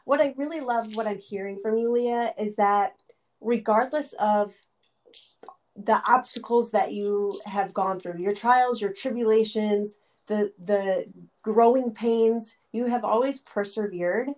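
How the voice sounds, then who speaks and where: A woman's voice: mid-range voice, unhurried, darkish tone. A woman hosting an interview, effusive and affirming as she sums up and praises her guest. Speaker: interviewer, host.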